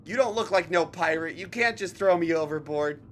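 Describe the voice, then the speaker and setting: A man's voice: fairly high pitch, fairly quick, a bit bright, slight background noise, voice pushed up, lightly acted. A man voicing an indignant young male defendant, protesting in an exasperated way.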